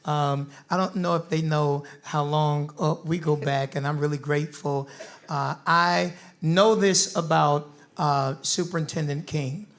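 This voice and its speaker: A man in his fifties moderating a community forum in a lively town-hall manner, with a preacher's call-and-response style. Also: fairly high pitch, measured pace. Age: 50s. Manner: preacherly, calls for crowd responses.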